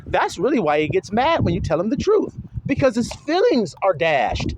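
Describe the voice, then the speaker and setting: A man's voice: high voice, wildly swooping pitch, normal speed, highs cut off, background noise. A man preaching in a casual, blunt monologue, emphatic and profane, often mimicking other people's voices.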